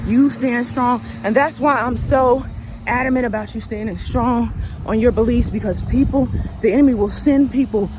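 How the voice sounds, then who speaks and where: A woman recovery coach with a voice on the high side talks to camera at normal speed, a little out of breath. Her motivational message is emphatic, preachy, and repetitive, and the background is noisy.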